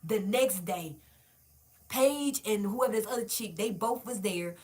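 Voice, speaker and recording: A woman vlogger telling a casual storytime monologue straight to her viewers, animated and emphatic, with plenty of swearing. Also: mid-range voice, measured pace, a little hiss or hum. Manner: directly addresses viewers.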